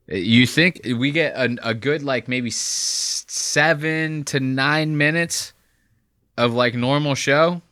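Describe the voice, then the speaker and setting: A man hosting a reaction commentary, talking over a clip with profane, animated riffs. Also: mid-range voice, dry recording, studio quality. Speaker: commentary host.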